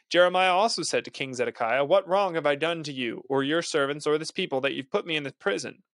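A man's voice: a little high, brisk, few pauses, a bit bright, no echo, studio quality. A young man hosting a podcast, reading a Bible passage aloud and breaking off into earnest, casual commentary. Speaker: podcast host.

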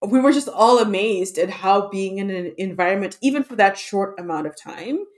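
A woman hosts a relaxed podcast conversation, her speech chatty and full of fillers. Her pitch sits in a middle range, and her voice is expressive. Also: normal speed. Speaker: podcast host. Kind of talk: casual conversation.

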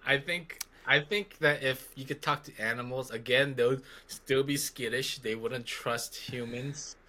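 A man's voice: medium pitch, steady tone, a little slow, pushed and bright. A man, a guest on a podcast, chatting casually in a rambling, joking way and thinking aloud. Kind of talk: casual conversation.

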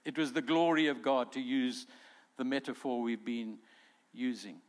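A male pastor delivering a sermon, animated and emphatic, acting out quotes with rising force. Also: mid-range voice, moderate pace. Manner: animated preaching, voices quotes with swelling emphasis.

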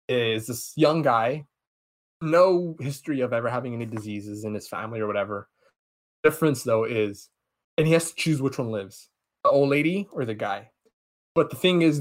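A man on a podcast, talking casually at a middle pitch. He retells a story in an excitable, rambling way, stumbling over restarts and fillers. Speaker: podcast host. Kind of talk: casual podcast chat, retelling a film plot.

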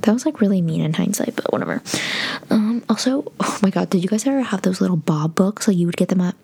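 Chatty eighteen-year-old woman, mellow voice. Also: medium pitch, animated, fast, vocal fry, breathy edge. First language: Spanish. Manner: rambling, chatty, frequent "like" and "oh my God". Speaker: vlogger. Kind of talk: casual storytelling to camera.

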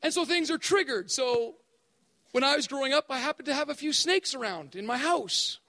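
A man preaching a sermon at a spiritual event, animated and acting out voices to make his points. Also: very high voice, moderate pace, in a large hall. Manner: animated, acts out voices for effect. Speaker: speaker at spiritual emphasis days.

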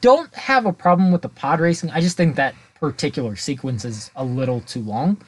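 A man's voice: on the high side, animated, fairly quick, slight background noise. A man co-hosting a podcast, chatting in a laid-back, agreeable way. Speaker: podcast co-host. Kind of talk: casual podcast chat.

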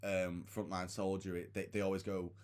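A man's voice: low voice, little pitch movement, moderate pace, darkish tone. A man chatting casually about a film, blunt and swearing freely as he airs heated opinions. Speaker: film discussion co-host. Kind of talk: casual chat.

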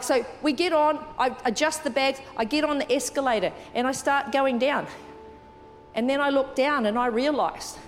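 A woman pastor preaching at a church service, telling a story with animated energy and moving to an earnest appeal. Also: high voice. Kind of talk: sermon with altar call. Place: large church auditorium. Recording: long hall reverb.

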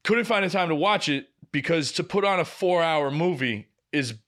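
A man's voice: on the high side, lively intonation, moderate pace, fairly bright tone. A young man co-hosting a podcast, telling a long story in casual chat and swearing often. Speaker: podcast co-host.

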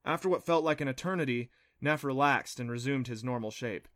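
Bright-voiced male storybook narrator. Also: medium pitch, a little fast, no echo, clean studio sound. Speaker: audiobook narrator.

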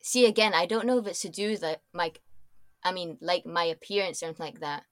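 A woman's voice: fairly low pitch, quick pace, fairly bright tone, no echo, clean studio sound. A woman in her twenties with a mixed accent that is often taken for American, chatting casually in an interview, laughing often and talking in loose, restarting sentences. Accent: mixed, often taken for American or Canadian. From born in Dubai, raised in Scotland. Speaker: guest, designer.

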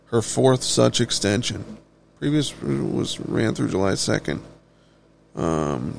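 Brief: male solo host, gravel in the voice, profane offhand rant, faint hiss behind. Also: medium pitch. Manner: blunt, heavily profane, offhand. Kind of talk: casual ranting monologue.

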